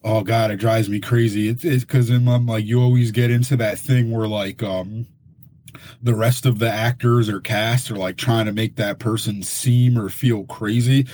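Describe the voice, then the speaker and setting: A man's voice: lowish voice, steady tone, moderate pace, darkish tone, no echo. A man co-hosting a podcast in casual chat, opinionated and swearing when he gets frustrated. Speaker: podcast co-host.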